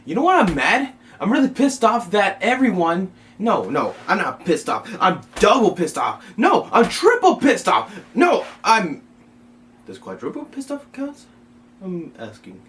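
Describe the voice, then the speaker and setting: A man's voice: high-pitched, huge pitch swings, a little slow, few pauses, fairly bright tone. A man hosting a comedic skit vlog as an online reviewer, frustrated and rambling, cutting himself off. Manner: frustrated, rambling, self-interrupting. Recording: distant mic, faint background noise.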